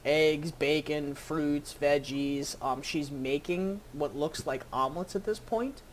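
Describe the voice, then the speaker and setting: A game master narrating a tabletop game scene, halting with many fillers and restarts. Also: mid-range voice, a little hiss or hum.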